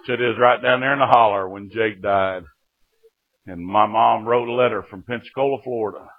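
A man's voice: lowish voice, normal speed. Folksy preacher man. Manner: folksy storytelling with acted-out quotes and sudden jumps in loudness. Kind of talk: testimony sermon. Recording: dull lo-fi recording.

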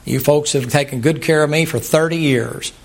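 A man's voice: fairly high pitch, moderate pace. An older man, a pastor giving a folksy, humorous sermon. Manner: folksy, humorous, plainspoken preaching.

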